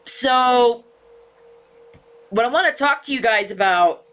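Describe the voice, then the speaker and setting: A woman's voice: fairly high pitch, animated, slow, a bit bright. A woman hosting a casual livestream chat, frustrated and near tears, swearing constantly as she talks to viewers from a room at home. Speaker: livestream host. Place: home room with ceiling fan.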